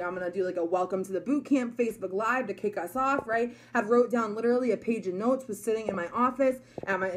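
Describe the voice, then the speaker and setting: A young woman giving a chatty, emphatic motivational talk to her followers. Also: mid-range voice. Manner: chatty, emphatic, many likes and you guys. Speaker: network marketer.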